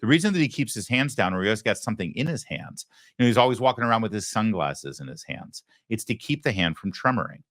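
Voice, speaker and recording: A man's voice: on the low side, animated, quick pace, a bit bright, dry recording, studio quality. A man hosting a talk show, giving emphatic opinionated commentary and asking rhetorical questions. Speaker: host.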